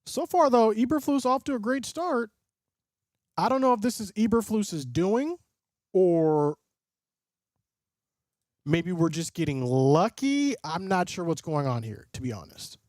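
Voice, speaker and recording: A man doing live play-by-play commentary and reaction as a streamer host, excitable and often breaking into loud hype. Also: high-pitched, unhurried, pauses often, dry recording, studio quality. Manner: excitable, swings into loud bursts of call-style hype. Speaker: livestream host and sports fan.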